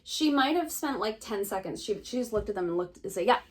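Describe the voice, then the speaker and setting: A woman's voice: mid-range voice, brisk. A woman in her thirties, a beauty vlogger and esthetician, casually telling a story to camera and acting out the other people's lines. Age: 30s. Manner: animated retelling with quoted dialogue.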